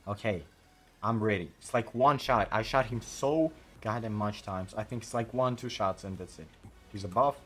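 Excitable man narrating his gameplay. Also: on the low side, normal speed. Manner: excitable, frequent exclamations and slang. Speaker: gaming YouTuber. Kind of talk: let's play commentary.

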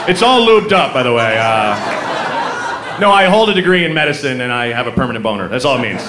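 A man doing a rambling, self-mocking stand-up routine, breaking into loud mock singing. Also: mid-range voice, animated, quick pace, noisy background. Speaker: stand-up comedian. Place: comedy club stage. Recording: live club recording, roomy, crowd laughter.

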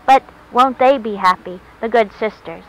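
A woman's voice: on the high side, moderate pace, lightly acted. A woman voicing a talkative, self-pitying old widow who gushes in a childish way, recorded on a dull lo-fi track with faint hiss. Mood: gushing.

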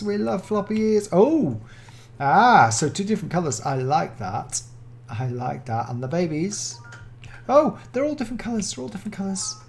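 A British-accented speaker walks through a game mod in casual commentary, gushing over everything with gasps and excited oohs. The voice has a gravelly, creaky edge and sits at a middle pitch. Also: a little hiss or hum. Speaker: Minecraft mod showcaser.

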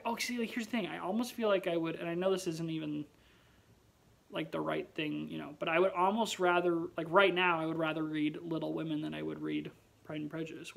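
Chatty man with a high, gravelly voice. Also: low-quality recording. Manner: rambling, musing aloud with fillers; wry, self-mocking humor. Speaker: vlogger. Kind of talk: casual chat to camera.

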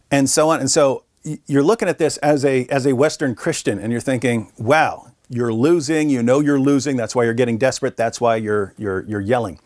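Brief: male interview guest, mid-pitched, animated storyteller who acts out quotes, dry close recording. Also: no echo. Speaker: guest, Christian apologist. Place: conference venue.

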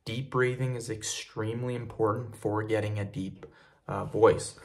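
Young man, low-pitched voice, casual vlog tutorial, plain and repetitive, frequent fillers. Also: fairly even intonation, normal speed. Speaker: fitness video creator. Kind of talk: casual tutorial talk to camera.

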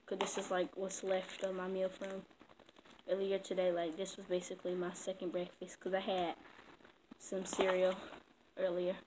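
A woman's voice: on the low side, monotone, moderate pace. A woman chatting casually to her viewers while eating. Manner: chatty, loose, talks with her mouth full. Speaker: vlogger. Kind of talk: casual eating vlog chat. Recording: noisy background.

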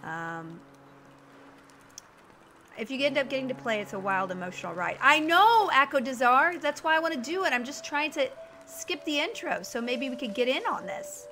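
A woman's voice: sits high, animated, moderate pace, sharp tone, a little hiss or hum. A woman live-streaming a video game from home, chatting with viewers and reacting to the game crashing. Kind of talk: casual live-stream chat while gaming.

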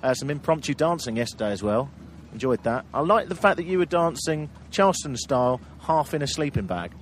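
A man's voice: medium pitch, lively intonation, a little fast, slight background noise. A man hosting a travel podcast, telling road-trip anecdotes in casual chat and laughing through them.

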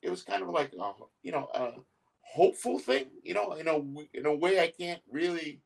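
A man's voice: a little high, expressive, normal speed, vocal fry, breathy edge, distant mic, poor audio. Man in his 60s, sitting a little back from the mic, telling his life story in an earnest, reflective way. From United States. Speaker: interviewee. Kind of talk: recorded conversation between siblings.

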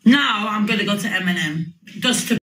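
A woman's voice: medium pitch, moderate pace, sharp tone, reverberant, rough recording. A woman in her forties rambling on a livestream, boastful, swearing and erratic. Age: 40s.

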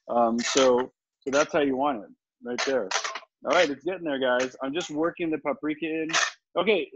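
A man teaching a live online cooking class, chatty and confident, explaining each step as he cooks and answering questions. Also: mid-range voice. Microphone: video call. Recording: slightly dull video-call audio with faint noise.

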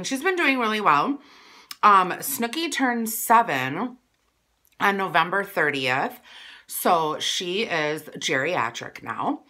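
A woman vlogger talks to her viewers in a casual, rambling way, pausing to chew and hum over her food. Her voice is bright and forward, with a middle pitch. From Wisconsin. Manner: chatty and rambling, eating on camera. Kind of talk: casual mukbang vlog chat.

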